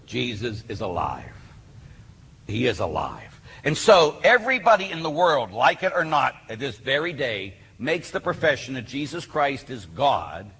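A man's voice: mid-range voice, fairly bright tone. A man preaching a sermon with emphatic, insistent delivery to a live audience. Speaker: Catholic speaker. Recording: reverberant hall, faint noise.

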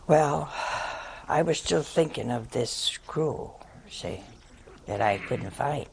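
Slow, gravelly older woman storyteller. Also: a bass voice, lively intonation, darkish tone, a little hiss or hum. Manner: wry, self-mocking, drawn-out delivery. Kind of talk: humorous anecdotal storytelling.

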